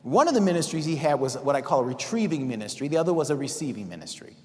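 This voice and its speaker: A man with a somewhat high voice preaches in a hall with a long reverb tail. He keeps quizzing the audience and swings from ringing calls down to near-whispered lines. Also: sing-song, fast. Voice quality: dynamic, shifting from loud to hushed. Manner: preachy, asks audience questions, acts out quotes. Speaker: speaker. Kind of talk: sermon-style talk.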